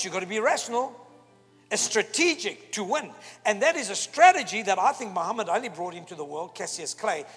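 A man preaching a sermon, emphatic and animated, often acting out quoted voices. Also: extremely high pitch, husky. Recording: long hall reverb with faint music.

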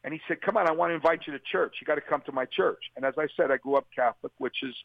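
A man's voice: on the high side, very fast, vocal fry, no room sound. New man telling testimony over a tinny line. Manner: storytelling, acts out quotes. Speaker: guest. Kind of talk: personal testimony.

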